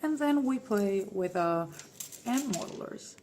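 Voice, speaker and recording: A woman answering fan questions on a livestream, playful and theatrical, calling listeners "my dear" and often dropping into a hushed whisper. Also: mid-range voice, animated, unhurried, a little hiss or hum. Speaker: band member answering fans on a livestream. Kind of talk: casual live Q&A reading fan comments.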